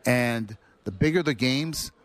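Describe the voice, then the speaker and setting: A man, a former player, telling animated anecdotes as a guest. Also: mid-range voice, unhurried. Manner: animated storyteller acting out quotes. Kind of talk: anecdotal storytelling.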